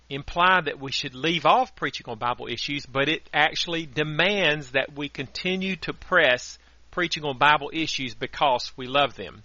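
A male radio preacher gives a steady, earnest sermon and works scripture into it. His voice is bright and forceful and sits a little high. The audio is dry and dull, with a lo-fi radio sound. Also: dry recording.

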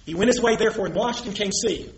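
A man's voice: sits high, fast. A man preaching with emphasis, arguing a point and quoting scripture as he goes. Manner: emphatic, argumentative, quotes scripture. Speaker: preacher in a debate. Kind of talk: impassioned preaching. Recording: echoey room with faint noise.

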